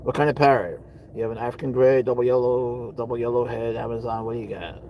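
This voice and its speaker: A man of middling pitch hosts a loose, rambling livestream from his parked car. He chats with viewers and answers their comments, often trailing off into low mutters. Faint vehicle noise hums underneath. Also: little pitch movement, fast, warm tone, poor audio. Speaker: livestream host. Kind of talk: casual live chat with viewers.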